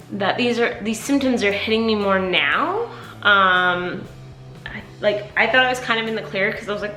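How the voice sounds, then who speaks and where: A woman's voice: mid-range voice, bright, forceful tone. A tired woman vlogging candidly and casually, rambling with lots of fillers. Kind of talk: casual personal vlog talk. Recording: echoey room.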